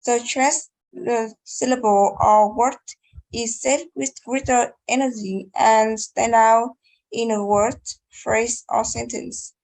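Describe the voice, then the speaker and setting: With a slightly high, fairly even voice, this young Vietnamese woman reads her class presentation on word stress slowly and carefully, with hesitations and restarts. Her tone is a little mellow, with vocal fry. The recording is dry and rough.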